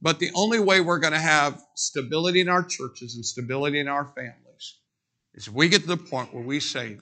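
A middle-aged male preacher delivers an emphatic sermon from the pulpit of a church. His voice is bright, piercing and forceful, and it sits slightly higher than most men's. He hammers his points home with repeated phrases and dramatic pauses. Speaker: pastor. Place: church sanctuary.

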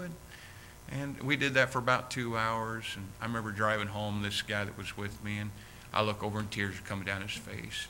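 A man's voice: mid-range voice, flat delivery, brisk, sharp tone, slight background noise, rough recording. A man preaching a sermon in a folksy, earnest storytelling manner, ending in prayer. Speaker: pastor.

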